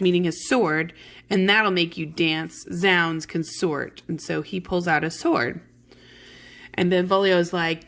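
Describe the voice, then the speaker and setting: This woman's voice sits on the low side, gravelly yet fairly bright, with fairly even intonation and a moderate pace. She's a teacher reading a play aloud to her class in a casual read-along, explaining each line in plain modern words while chatting with many fillers and "okays."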